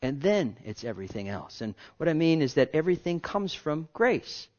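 A man preaching a sermon in an earnest way, swinging from soft, drawn-out phrases to emphatic ones and repeating key words. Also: on the high side, sing-song. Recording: dull lo-fi recording.

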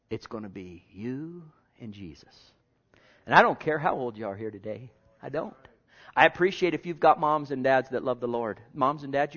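Man preaching, chatty and repetitive, goes quiet then loud, kinda dull lo-fi recording. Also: medium pitch. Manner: preaching with sudden swings from hushed to loud; repetitive, conversational asides. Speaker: pastor. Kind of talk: sermon.

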